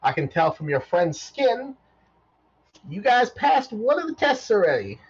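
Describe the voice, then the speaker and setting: A man voicing a cheerful, folksy male robot who runs a trivia game, in a high, bouncy voice full of old-fashioned exclamations. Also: big pitch swings, a little slow, husky, full character voice. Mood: chatty. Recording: dull lo-fi mic.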